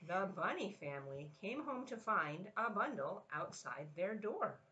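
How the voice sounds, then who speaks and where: A children's librarian in her thirties leading a storytime at home. Her voice is bright and animated, rising and falling as she reads and cheers kids along. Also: medium pitch, a little slow, muffled recording, slight background noise. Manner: lively, encouraging read-aloud. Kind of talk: family storytime reading.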